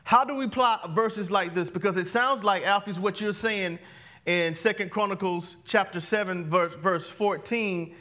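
A male pastor, preaching an interactive, call-and-response sermon that swings from loud to hushed, laughing often. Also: sits high, moderate pace.

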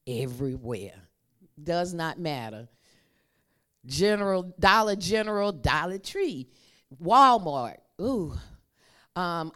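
A woman preaching a conversational sermon and calling on the congregation to repeat her words. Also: fairly low pitch. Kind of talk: sermon with call and response.

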